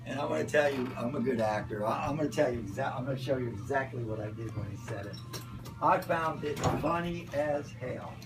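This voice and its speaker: An older man telling a rambling personal anecdote, acting out voices and breaking into shouts. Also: mid-range voice, brisk. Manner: animated, acts out voices and shouts in his stories. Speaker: storyteller. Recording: distant mic with loud music behind.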